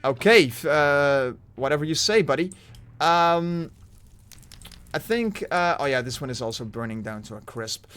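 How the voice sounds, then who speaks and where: A man's voice: fairly high pitch, animated, measured pace, fairly bright tone, clean tone. A man streaming a Minecraft world, chatting casually and rambling with many fillers and restarts over faint background music. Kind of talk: casual Minecraft livestream commentary.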